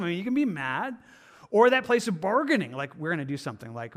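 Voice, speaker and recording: A man's voice: sits high, sing-song, fast talker. A male pastor preaching a sermon in an earnest, conversational way, sometimes acting out the inner voices of his listeners.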